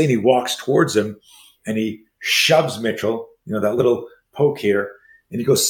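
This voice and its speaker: A man in his sixties who teaches martial arts, telling stories as an interview guest and acting out the dialogue in quick, animated bursts. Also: medium pitch. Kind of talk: storytelling in a conversation. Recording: roomy echo.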